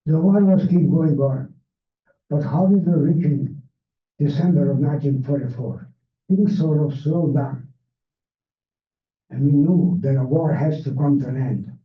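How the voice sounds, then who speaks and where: An older man with a Hungarian accent tells his story at an unhurried, measured pace, his English carrying the turns of a native Hungarian speaker. His voice sits a touch high for a man. It comes from a distance in a reverberant room, thin and narrow like a phone line. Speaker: Holocaust survivor speaker. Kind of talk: personal testimony talk. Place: library event room.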